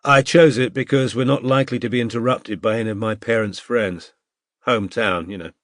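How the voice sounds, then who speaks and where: A man's voice: mid-range voice, steady tone, brisk, no room sound, studio quality, close to an everyday voice. A man doing an affable young tenor. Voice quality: pleasant tenor. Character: pleasant, eager young balding man.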